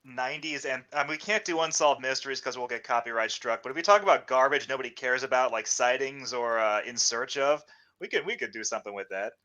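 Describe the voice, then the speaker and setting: A man's voice: mid-range voice, brisk, bright, forceful tone, muffled recording. A man co-hosting a casual podcast, laughing often and joking sarcastically. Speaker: podcast co-host. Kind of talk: casual chat.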